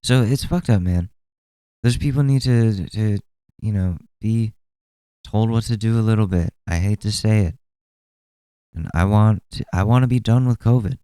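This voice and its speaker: A young man in his twenties talks through a solo podcast episode in a loose, rambling way, swearing often and sounding fed up. His voice sits a little low and comes across smooth and mellow. The sound is close and dry. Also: normal speed, pauses often, no echo. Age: 20s. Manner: rambling, exasperated, profane. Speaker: podcast host. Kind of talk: casual solo commentary.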